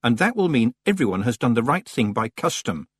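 A man voicing a sharp, blunt young witch girl who talks briskly and forcefully. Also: medium pitch, sing-song, breathy edge, no echo, studio quality. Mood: angry.

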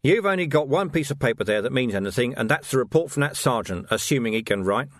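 A man's voice: medium pitch, lively intonation, fast talker, no room sound, studio quality, lightly acted. A man voicing a weary, hardened watchman in an audiobook, terse and sardonic. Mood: blunt. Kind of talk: audiobook character voice.

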